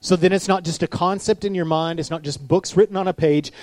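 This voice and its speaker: A man preaching a sermon as a pastor, animated, acting out the voices of people he quotes. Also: high-pitched, brisk, few pauses, faint music behind.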